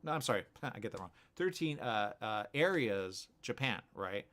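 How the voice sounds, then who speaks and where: Male radio host, casual monologue, very lively pitch, rambling, restarts and asides. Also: moderate pace. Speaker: radio morning show host. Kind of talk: casual talk show monologue.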